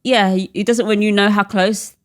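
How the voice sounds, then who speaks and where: A woman hosting a conversational podcast interview with a mid-range voice. She sounds supportive and reflective, building gently on what her guest says. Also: mid-range voice, fairly even intonation, moderate pace. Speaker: podcast host.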